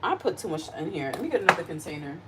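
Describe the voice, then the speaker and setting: A woman's voice: on the low side, very animated, racing, very noisy. A woman hosting a casual live stream from her home kitchen. She chats straight to her viewers, reads their comments aloud, and repeats her points with earnest feeling. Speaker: livestream host. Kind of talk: casual live-stream chat while cooking.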